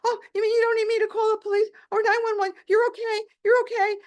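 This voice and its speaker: A man's voice: very high voice, sing-song, moderate pace, a little mellow, pitched above the performer's own voice, full character voice. A woman voicing a flustered male doctor who keeps repeating himself in panic, over a video call. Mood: panicky.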